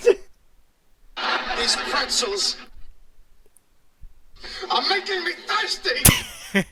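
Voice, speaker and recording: An actor playing an excitable man who shouts a line theatrically in a sitcom clip. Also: very high-pitched, extremely slow, exaggerated voice. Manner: loud, theatrical. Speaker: sitcom character. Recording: echoey far noisy TV clip.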